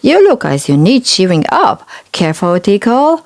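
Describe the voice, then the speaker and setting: A woman's voice: lowish voice, big pitch swings, normal speed. A woman voicing a cheerful man with very long arms in a children's storybook. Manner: cheerful, chuckling.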